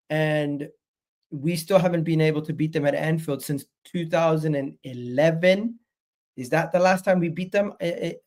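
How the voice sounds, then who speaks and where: A man hosting his own football fan channel, ranting casually and animatedly to viewers, repeating himself and swearing freely. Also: a little high. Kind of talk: casual fan video rant.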